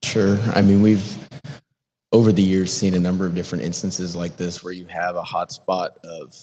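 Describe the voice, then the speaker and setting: A man being interviewed as a city council member, answering in a measured, earnest way. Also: low-pitched, little pitch movement, dark tone, lo-fi sound, slight background noise. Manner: measured, earnest, civic talking points.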